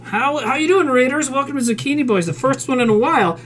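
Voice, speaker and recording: A woman's voice: fairly high pitch, normal speed, hardly any pauses, a little hiss or hum. A woman from South Dakota cooking live on a stream, reading recipe steps aloud, swearing freely and answering chat in a home kitchen.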